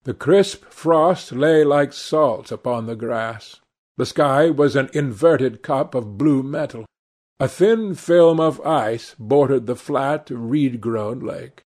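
A man reading a classic novel aloud as narrator, with a measured, deliberate delivery. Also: mid-range voice, darkish tone. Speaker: audiobook narrator. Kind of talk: scripted literary narration.

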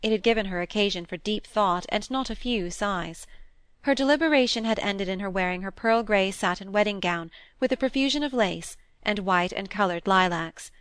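A woman's voice: mid-range voice, moderate pace, a bit bright, clean tone, dry recording. Woman narrating a classic novel, dry. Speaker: audiobook narrator.

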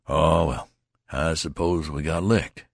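A glum, worn-out young soldier who drawls his complaints in plain country talk, as a male reader puts him on. The voice is husky and set close to the mic. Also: low-pitched, animated, unhurried, no room sound, voice pushed up, exaggerated voice. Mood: weary. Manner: weary rustic dialect.

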